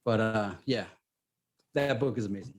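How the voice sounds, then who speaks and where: A man co-hosting a podcast, telling a story in casual chat with lively restarts. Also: lowish voice, moderate pace. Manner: animated storytelling, restarts often. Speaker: podcast co-host.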